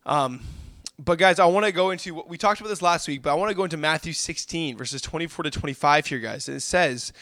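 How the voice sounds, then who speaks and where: Fervent young male preacher, fairly high voice. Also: quick pace, hardly any pauses, bright, forceful tone, dry recording, studio quality. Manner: fervent, addresses listeners as guys. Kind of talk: sermon.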